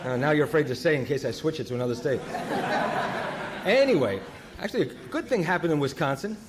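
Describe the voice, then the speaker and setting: A man with a somewhat high-pitched voice tells a personal story to a recovery meeting. He talks in a halting way, with fillers, restarts and corrections, and he undercuts himself with wry humor. A faint hiss sits under the recording. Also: lively intonation. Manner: wry, self-deprecating humor. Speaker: guest speaker at a recovery meeting.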